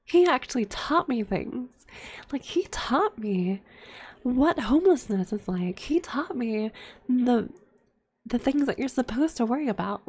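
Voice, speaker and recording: A woman's voice: fairly high pitch, expressive, a little slow, darkish tone, husky. A young adult woman telling a candid, profane personal story in whispered ASMR chat, full of fillers. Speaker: streamer.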